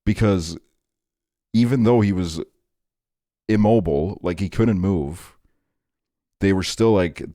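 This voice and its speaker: A young man with a very low voice spins a casual personal story for his stream. He rambles with plenty of fillers and chuckles at his own tale. The sound is close and dry, with no room behind it. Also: slow pace, long pauses, dark tone, no room sound. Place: home streaming setup.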